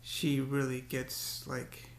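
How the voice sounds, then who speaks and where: A man's voice: mid-range voice, completely flat delivery, slow pace, vocal fry, reverberant, slight background noise. A man talking to the camera in a casual, rambling monologue, often repeating words and breaking into cursing rants. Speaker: vlogger.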